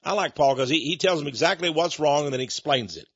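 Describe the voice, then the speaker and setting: With a voice on the high side, slightly bright and edged with breath, this ministry leader and radio program host talks quickly and with lively intonation. He makes a folksy, earnest pitch for donations, then moves into Bible teaching, often restarting. The sound is lo-fi, with no echo.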